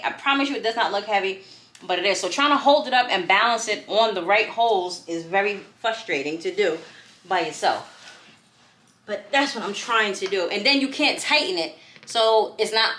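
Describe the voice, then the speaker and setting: A woman's voice: medium pitch, fairly bright tone. A woman chatting to her camera while she assembles furniture at home, exasperated and talkative. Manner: talkative, exasperated, addresses viewers as y'all. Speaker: vlogger. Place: room at home. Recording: echoey room with faint noise.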